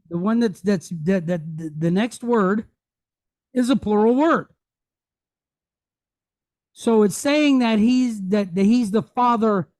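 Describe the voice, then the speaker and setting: A man teaching a Hebrew reading lesson, patiently spelling out letters and vowels and repeating each word slowly. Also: high-pitched, a little mellow, no echo, clean studio sound. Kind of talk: classroom teaching.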